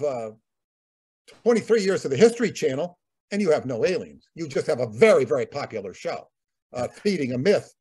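A man's voice: fairly high pitch, darkish tone, breathy edge. A man co-hosting a talk, rambling in casual commentary, often repeating words and using fillers. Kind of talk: conversational commentary.

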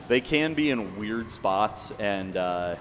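A young man casually explaining his own speedrun as he plays, relaxed and full of fillers. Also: fairly low pitch, takes it slowly. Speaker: speedrunner commentating his run. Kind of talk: casual live commentary. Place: event venue. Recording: long hall reverb, faint background noise.

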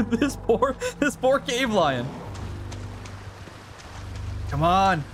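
A man giving casual, excitable gameplay commentary, swearing and shouting encouragement at his in-game companion. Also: high-pitched. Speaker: gaming YouTuber.

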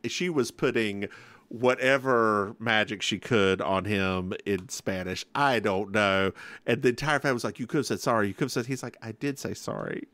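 Male podcast co-host, mid-pitched and expressive, dry close-miked sound. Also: no echo. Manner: animated, acts out quotes, sassy. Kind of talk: casual chat, storytelling.

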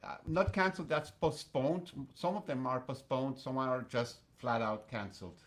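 Relaxed man, a pianist guest. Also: medium pitch, normal speed. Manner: relaxed, hesitant with fillers. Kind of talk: casual interview chat.

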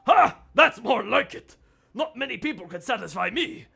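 Man doing a high gravelly jealous bar patron. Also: lively intonation, pushed and bright, full character voice. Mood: smug, wheedling. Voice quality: gravelly, breathy put-on accent. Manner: haughty, demanding, quick to flare up. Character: jealous pompous male bar customer, bossy.

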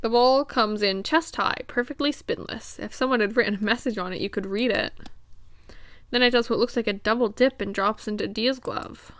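A woman's voice: fairly high pitch, moderate pace, a bit bright, no room sound. A woman streamer reading a visual novel aloud in a crude, joking, casual way.

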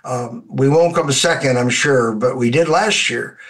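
A man in a Bible study group who also coaches, chatting casually and a bit haltingly. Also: mid-range voice, fairly bright tone. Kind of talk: casual chat.

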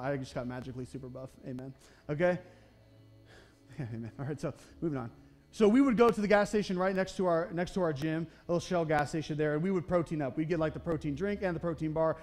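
A man's voice: on the high side, a little mellow. A young man preaching a sermon in a church, conversational and self-deprecating, often checking in with "okay?". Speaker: pastor. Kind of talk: sermon with personal storytelling. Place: church sanctuary.

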